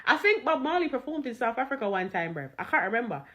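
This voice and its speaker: A woman's voice: fairly high pitch, big pitch swings, quick pace, fairly bright tone. A woman telling a funny story in casual, slang-heavy chat, laughing as she goes.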